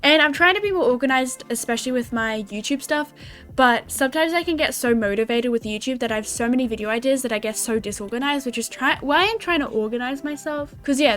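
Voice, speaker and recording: A teenage girl with an Australian accent chatting casually to her viewers in a vlog, bubbly and quick to giggle. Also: on the high side, fairly bright tone. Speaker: gaming YouTuber.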